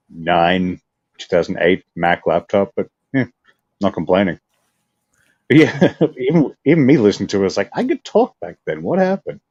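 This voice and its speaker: A man's voice: low-pitched, a little mellow, dry recording, muffled recording. A man from Australia hosting a podcast, laid-back and self-deprecating in casual chat. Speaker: podcast host.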